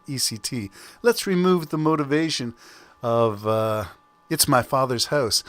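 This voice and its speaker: Chatty older man, lively pitch. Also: no echo. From Canada. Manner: chatty, rambling, self-amused asides. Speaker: podcast host. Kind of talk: casual solo podcast monologue. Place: home during a thunderstorm.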